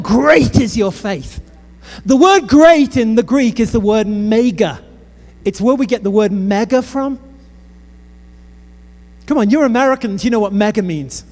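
A British man preaching a sermon, telling funny stories and speaking straight to the crowd. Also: sits high. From Britain. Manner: lively storytelling with humor and asides to the crowd. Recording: long reverb of a large hall.

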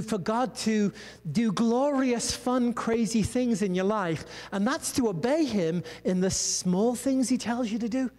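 A male pastor with a high-pitched voice delivers a sermon like he's telling a story over coffee, stopping for loose asides. His voice rings out with a long reverb trail, as if he's in a big church hall. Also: darkish tone. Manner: conversational storytelling with many asides.

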